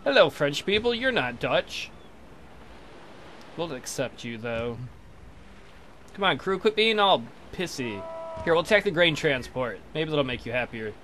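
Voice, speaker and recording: A man's voice: a little high, animated, measured pace, long pauses, pushed and bright, slight background noise. A young man casually commentating as he plays a game, crude and joking, trash-talking the enemy ships. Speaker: let's play commentator.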